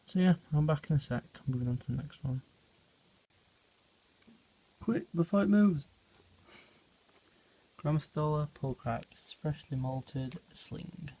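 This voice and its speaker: A tarantula keeper films feedings for a home vlog, rambling off the cuff with plenty of ums and hesitations. His mid-pitched voice has a gravelly fry, and he turns hushed and quiet whenever he leans close to the animals.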